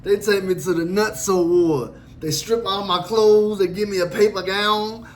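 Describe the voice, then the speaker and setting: High-voiced man telling a wild story. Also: a little slow. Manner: animated, profane and comic, acting out the other people in his story. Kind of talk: casual storytelling.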